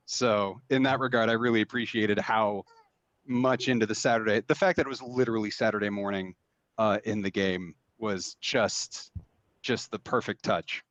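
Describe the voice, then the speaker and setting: A man's voice: on the low side, steady tone, normal speed, fairly bright tone, no room sound. A man talking casually in an interview about making games, rambling with many fillers and restarts. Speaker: game designer guest.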